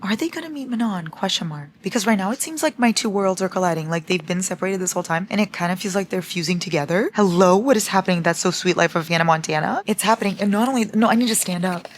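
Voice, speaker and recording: A woman's voice: medium pitch, quick pace, few pauses, slight background noise. Gushing young woman reading vlog. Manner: swearing, gushing, squealing bird calls. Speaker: book vlogger. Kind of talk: excited reading vlog chat. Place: home with noisy household.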